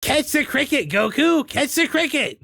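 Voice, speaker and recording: A man voicing a shrill male cartoon villain who yells and shrieks insults. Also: big pitch swings, normal speed, gravelly, no echo, clean studio sound, heavily acted. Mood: furious.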